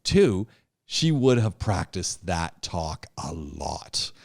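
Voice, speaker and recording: A man's voice: deep voice, sing-song, slow pace, creaky. A man teaching a public speaking class, encouraging students and thinking aloud with many restarts. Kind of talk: interactive class discussion.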